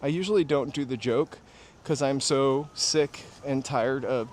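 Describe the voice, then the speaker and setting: A man's voice: mid-range voice, a little slow. A man from New Hampshire hosting a casual walking livestream outdoors at night, rambling through nostalgic stories and talking to viewers. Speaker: livestream host. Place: outdoors on a city street at night. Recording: street traffic noise behind. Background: passing cars and city ambience.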